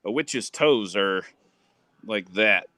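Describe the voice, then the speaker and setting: Lively guy chatting games, swears a lot, bright tense tone, dry close sound. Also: fairly low pitch, takes it slowly, no room sound. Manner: animated, laughing, swears a lot. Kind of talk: casual chat.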